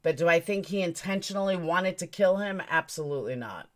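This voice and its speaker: A woman's voice: fairly low pitch, animated, a little fast. A woman hosting a true crime live stream, talking straight to her chat in a blunt, emphatic, opinionated way.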